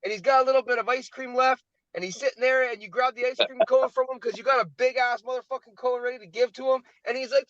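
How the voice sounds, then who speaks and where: A man's voice: very high-pitched, quick pace, few pauses, no room sound. A man in casual podcast talk, telling stories full of swearing and acted-out quotes. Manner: profane, animated storytelling with acted quotes. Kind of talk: casual chat. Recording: dull, lo-fi dry sound.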